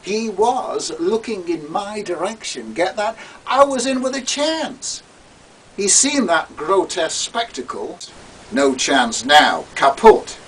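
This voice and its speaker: A man's voice: sits high, very animated, slow pace, fairly bright tone, voice pushed up, heavily acted. A man voicing an indignant, fussy young man who sputters and scolds. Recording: distant mic with faint hiss.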